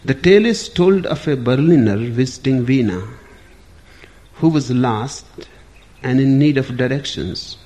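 A man giving a spiritual discourse in a measured, deliberate storytelling manner. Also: mid-range voice, expressive, dark tone. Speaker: spiritual teacher.

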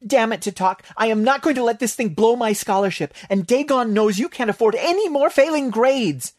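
A man's voice: extremely high pitch, moderate pace, pitched above the performer's own voice. A man reading a story aloud, voicing a panicked student who pants almost hysterically. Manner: panting, frantic. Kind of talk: audiobook character voice.

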